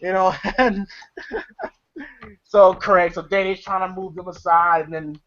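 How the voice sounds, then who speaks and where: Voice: medium pitch, steady tone, unhurried, long pauses, a bit bright. Rambling movie reviewer, lo-fi sound. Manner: rambling and laughing with many fillers. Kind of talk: casual movie recap. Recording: dull lo-fi recording.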